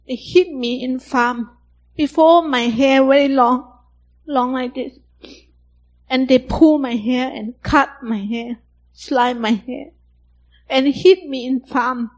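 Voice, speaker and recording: A young woman from Thailand, giving personal testimony in halting, simple broken English. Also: high voice, dull audio.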